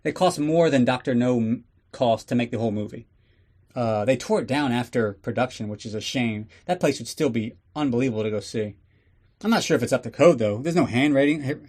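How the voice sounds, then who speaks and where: A man's voice: mid-range voice, darkish tone. A man hosting a podcast, giving a casual, sarcastic and profane recap of a movie. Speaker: podcast host.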